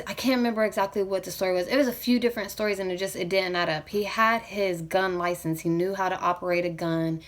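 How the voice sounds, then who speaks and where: A young woman in a personal vlog, her voice emotional and close to tears. She rambles, restarts and fills her story with casual fillers as she works through it. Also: on the low side. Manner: rambling, full of fillers like "you know what I mean". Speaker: vlogger.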